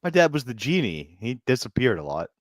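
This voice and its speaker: A man's voice: mid-range voice, very animated, fairly quick, no echo. A man co-hosting a comedy podcast, chiming in with dry one-liner quips in casual banter. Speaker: podcast co-host.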